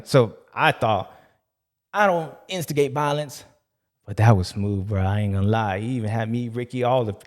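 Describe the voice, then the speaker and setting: Slangy male host recapping races. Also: medium pitch. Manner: slangy, animated storytelling. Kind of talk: casual race recap chat.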